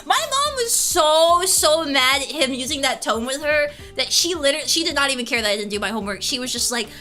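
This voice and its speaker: Giggly high-voiced woman streamer. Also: a little fast, soft background music. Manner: giggly, animated storytelling. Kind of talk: casual chat with chat.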